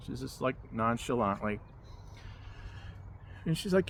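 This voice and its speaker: A man's voice: mid-range voice, expressive, moderate pace, pauses often, fairly bright tone, a little hiss or hum. A man vlogging from a hammock outdoors, telling a story in a rambling, casual way full of fillers and restarts. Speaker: spiritual vlogger.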